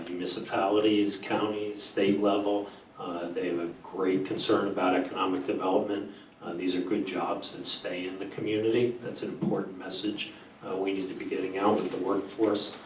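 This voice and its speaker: Deep, flat-voiced man on a panel. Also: slight background noise. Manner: halting, many "uh" pauses, listing points. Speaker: panelist, association executive. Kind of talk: panel discussion. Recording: roomy, distant mic, faint ambience.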